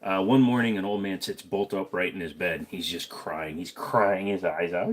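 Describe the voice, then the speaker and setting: A man's voice: lowish voice, expressive, normal speed, few pauses. A middle-aged man hosting a casual livestream, answering chat with blunt jokes and humming between topics. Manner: blunt, joking, trails off into humming.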